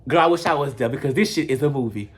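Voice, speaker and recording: A brash, gossipy recapper runs through a reality show with profane comedy and blunt opinions. The voice sits at a middle pitch and talks straight to the audience. The tone is loose and chatty. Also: fast.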